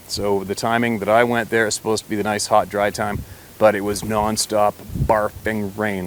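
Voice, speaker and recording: A man's voice: on the low side, slight background noise. A man telling a personal story to camera in a rambling, blunt way, with mild swearing and frequent restarts.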